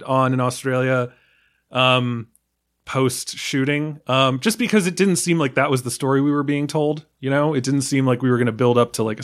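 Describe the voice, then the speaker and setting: A man from the United States talking casually about a film, rambling with many fillers, restarts and small laughs. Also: medium pitch. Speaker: film podcast guest.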